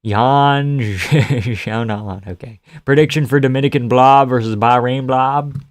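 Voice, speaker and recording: Smooth-voiced man casually chatting on a stream. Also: mid-range voice, slow, no room sound, studio quality. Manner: joking, swears casually. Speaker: live streamer. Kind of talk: casual chat while reading live comments.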